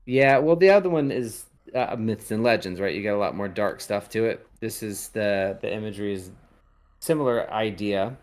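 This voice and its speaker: Male podcast host, low-ish voice, meandering and halting, casual chat. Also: darkish tone. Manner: rambling, hesitant, lots of ums. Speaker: podcast host reading tarot.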